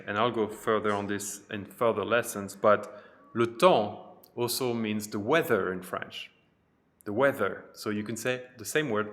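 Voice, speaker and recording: A man teaching a pronunciation lesson, repeating each phrase slowly and carefully, with chatty teaching asides. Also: lowish voice, sharp tone. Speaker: French teacher.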